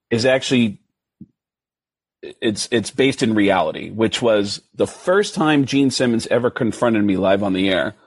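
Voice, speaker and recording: A man, a comedian, telling stories in an animated way and jumping high when he quotes himself. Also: slightly rough, dry recording. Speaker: guest comedian. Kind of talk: casual storytelling.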